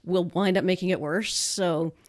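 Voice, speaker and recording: Chatty Nova Scotian woman, lowish voice. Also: steady tone, normal speed. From Canada. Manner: chatty, laughs easily, many restarts. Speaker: podcast co-host. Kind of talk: casual podcast chat. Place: home.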